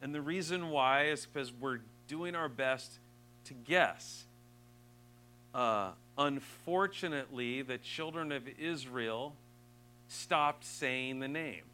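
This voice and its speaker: A man preaching a sermon, earnest, rising to emphatic peaks and dropping soft and slow. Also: mid-range voice, slight background noise, low-quality recording.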